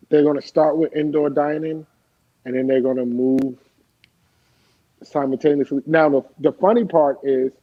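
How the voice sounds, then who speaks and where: A man's voice: mid-range voice, no room sound, lo-fi sound. A man hosting a radio talk show, chatting casually and laughing along with his co-hosts. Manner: relaxed, conversational, laughs along.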